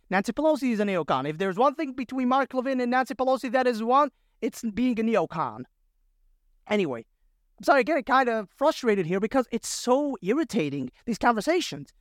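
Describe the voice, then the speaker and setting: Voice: medium pitch, no room sound, clean studio sound. A podcast host giving a solo political commentary rant, exasperated and sarcastic, firing off rhetorical questions to mock the other side. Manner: mocks opponents with quick rhetorical questions.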